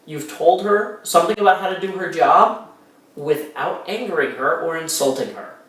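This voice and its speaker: Guy running a tabletop game, kinda rambly and stammery, slightly high voice, super echoey room. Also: lively intonation, normal speed, fairly bright tone, distant mic. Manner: rambling, stammering restarts with many fillers. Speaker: game master. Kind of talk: narrating a tabletop role-playing game. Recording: very echoey room, a bit off mic.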